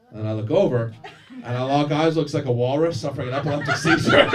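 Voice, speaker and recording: A distant mic catches this stand-up comic's mid-range voice as he talks fast amid background noise and crowd laughter. He is doing a crude, self-deprecating set in a live comedy club, trading banter with the audience.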